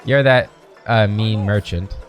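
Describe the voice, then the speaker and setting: A man narrating a video game playthrough, reading the on-screen text aloud slowly with casual asides. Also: on the low side, faint music behind. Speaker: game streamer.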